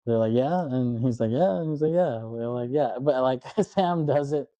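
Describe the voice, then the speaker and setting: A man with a very dark, mellow voice chats casually on a podcast, retelling a movie's plot in a loose, rambling way. He dips into brief put-on voices for the characters. The sound is dry and a little dull, like lo-fi podcast audio. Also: mid-range voice, normal speed, no room sound. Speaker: podcast co-host. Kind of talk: casual film recap chat.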